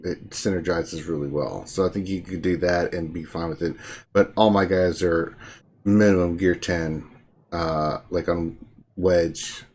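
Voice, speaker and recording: A man hosting a casual live Q&A, reading viewer questions aloud and giving relaxed answers. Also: sits low, measured pace, husky.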